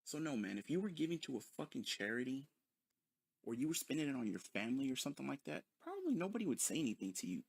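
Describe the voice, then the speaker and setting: A man's voice: medium pitch, sing-song, quick pace, vocal fry, slightly rough. A man ranting in a sarcastic, mocking commentary full of profanity. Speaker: commentary video host.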